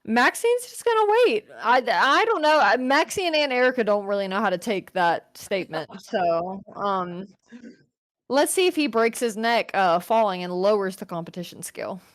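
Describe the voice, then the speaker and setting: A woman's voice: medium pitch, expressive, moderate pace, fairly bright tone, no room sound. A woman playing a tabletop game, casually chatting with many fillers and describing her character's actions. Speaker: player. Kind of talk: casual tabletop role-play chat.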